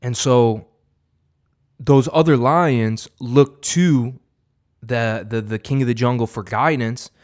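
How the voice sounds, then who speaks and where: A man's voice: medium pitch, takes it slowly, darkish tone. A young man giving an unscripted, profane motivational monologue as a vlogger, rambling with many fillers and restarts.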